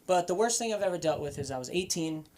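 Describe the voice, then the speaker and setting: Lively, profane young stand-up comedian from Boston. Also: male voice, high-pitched, fast. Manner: animated, profane, swings between loud punchlines and muttered asides. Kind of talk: open-mic stand-up set. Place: comedy club stage.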